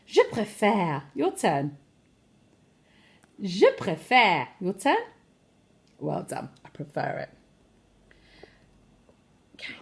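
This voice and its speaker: A woman leads a French lesson for children, modelling words and pausing for the listener to repeat them. Her pitch leaps around very expressively as she acts out different intonations. She praises each attempt warmly and brightly. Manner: encouraging, repeats phrases for the listener to echo; very animated pitch, plays with intonation. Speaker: French teacher.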